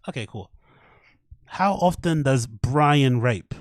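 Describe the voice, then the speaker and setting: A man rambles through his podcast, swearing freely and laughing at his own mock threats. His voice sits at an ordinary pitch. The sound is close and dry. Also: animated, moderate pace, dry recording. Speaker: podcast host. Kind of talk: casual rambling commentary.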